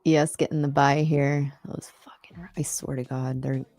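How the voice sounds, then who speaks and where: A woman hosting a live trading stream, analyzing charts quickly and cursing under her breath. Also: a bass voice, little pitch movement, dark tone, soft background music. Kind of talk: casual live trading commentary.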